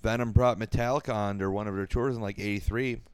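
A man co-hosting a podcast, relating a music story in a relaxed, profane way. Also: fairly low pitch, fast, clean tone, dry recording. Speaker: podcast co-host. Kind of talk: casual chat.

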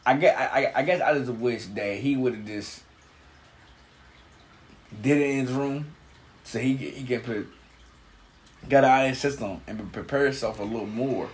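A man co-hosting a casual TV recap chat, talking in a halting, laid-back way with slang and repeated words. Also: mid-range voice. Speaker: podcast co-host.

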